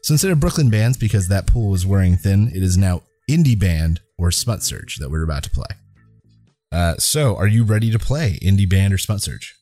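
Deadpan man hosting a podcast game. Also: low voice, moderate pace, dry recording. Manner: deadpan, reads clues flatly. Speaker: podcast co-host running a game. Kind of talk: casual podcast chat.

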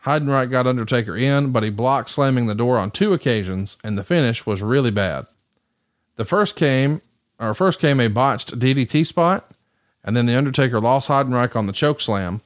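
A man hosts a casual podcast, running through results at a steady clip. His voice sits in a middle range, with a dry, wry edge. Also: mid-range voice. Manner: brisk, rundown of match results with wry asides. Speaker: podcast host. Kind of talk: casual wrestling recap commentary.

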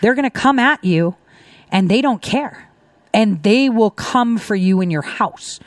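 A woman hosting her own livestream, talking in a rambling, indignant, animated way and laughing now and then. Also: mid-range voice, measured pace, dry recording, clean studio sound. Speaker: livestream host. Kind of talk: casual ranting commentary.

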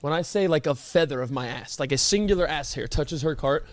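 A young man co-hosting a podcast, telling animated stories in a casual chat and swearing freely. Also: a little high, brisk, no room sound. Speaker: podcast co-host. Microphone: podcast studio mic.

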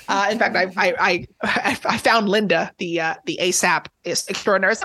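Fast-talking, excitable man on a podcast. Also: sits high. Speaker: tennis journalist and podcast guest. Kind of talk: casual podcast chat.

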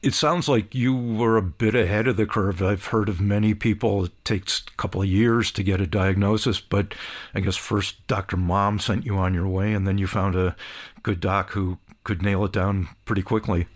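A man interviewing a guest, asking questions in a calm and friendly way. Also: on the low side, normal speed.

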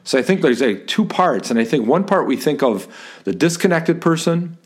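A man's voice: fairly high pitch, very animated, normal speed, slightly rough. A man talking things through in a thoughtful conversation, building his point step by step.

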